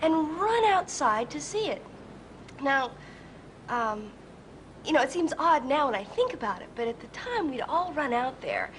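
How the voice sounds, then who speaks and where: A woman's voice: a little high, fairly bright tone, slight background noise, poor audio. Chatty woman telling an anecdote. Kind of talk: documentary interview recollection.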